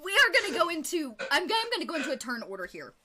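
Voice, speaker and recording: Woman GM for a tabletop game, giggly and filler-heavy, high bright tone. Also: big pitch swings, very fast. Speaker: game master.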